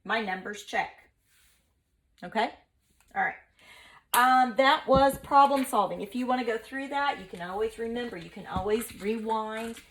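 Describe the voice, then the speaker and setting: A woman teacher giving a recorded online math lesson in a lively, playful, chatty way. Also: on the high side, moderate pace, a little hiss or hum.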